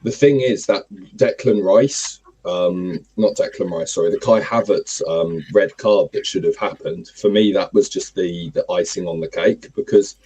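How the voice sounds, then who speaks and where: A man in his twenties with a raspy morning smoker's voice, arguing animatedly in a casual livestream chat. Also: low-pitched, normal speed, hardly any pauses, poor audio. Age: 20s. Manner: animated, argues with repeated phrases.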